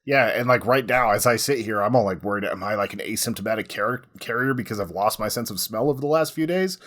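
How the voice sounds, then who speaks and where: Husky low-voiced man explaining history. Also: fast. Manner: relaxed, says "like" a lot while explaining. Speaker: podcast co-host. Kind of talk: casual history podcast chat.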